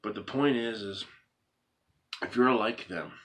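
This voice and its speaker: A man's voice: fairly low pitch, unhurried, fairly bright tone. A man speaking earnestly straight to his viewers, emphatic and repetitive, driving his point home with rhetorical questions. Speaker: vlogger. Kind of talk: earnest monologue to camera.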